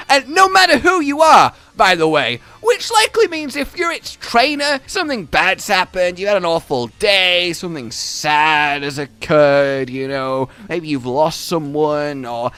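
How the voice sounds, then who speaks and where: A man hosting a gaming video with animated, exasperated commentary that jumps between shouts and low asides. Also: a little slow, hardly any pauses, dry recording, soft background music.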